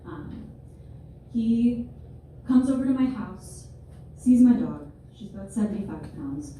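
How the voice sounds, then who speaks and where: Woman in her twenties, stand-up set, higher voice, booming hall echo, heard from a distance. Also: animated, measured pace, dark tone. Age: 20s. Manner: wry, self-deprecating, playful asides. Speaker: stand-up comedian. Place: large room with a live audience. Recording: very echoey hall, distant, noisy.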